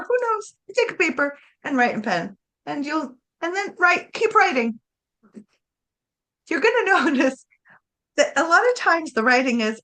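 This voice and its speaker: A woman chatting casually about spirituality, animated, laughing often and acting out voices. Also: high-pitched.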